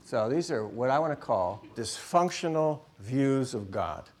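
A middle-aged man preaching a sermon in an animated way, acting out voices. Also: mid-range voice, unhurried.

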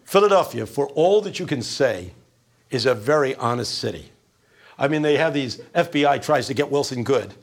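A man giving a classroom lecture, animated and full of rhetorical questions. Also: medium pitch, moderate pace.

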